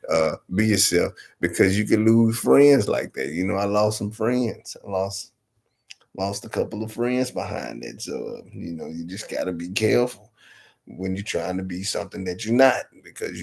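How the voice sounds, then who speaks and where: A man's voice: low voice, creaky. A man from Arkansas with a Southern US accent, telling a comic story in a loose, profane, rambling way. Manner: loose, profane, rambling, constantly asks "you know what I'm saying". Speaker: storyteller host.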